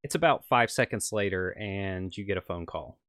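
A man's voice: low voice, expressive, normal speed, a bit bright, dry recording, studio quality. A young man narrating as game master, rambling with many fillers.

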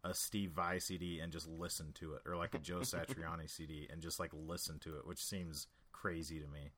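Bright-voiced deep man chatting casually. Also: flat delivery, brisk. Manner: joking, rambling with many fillers. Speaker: podcast co-host, musician. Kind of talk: casual chat.

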